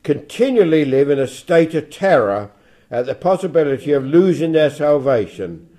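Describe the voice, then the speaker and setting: A man leading a Bible study, reading scripture aloud slowly and then explaining it in a plain, conversational way with fillers and restarts. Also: on the high side, big pitch swings, warm tone. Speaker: Bible teacher.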